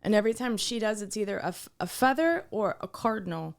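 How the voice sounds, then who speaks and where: Speaking fast with a creaky, medium-pitched voice, a young woman co-hosting a podcast recounts a story in easygoing chat. She brings it to life by acting out the dialogue she quotes.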